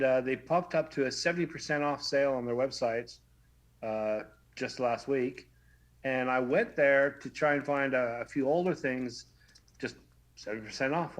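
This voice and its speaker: Brief: male co-host, mid-pitched, relaxed matter-of-fact news chat. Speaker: podcast co-host. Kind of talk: casual chat, giving industry news.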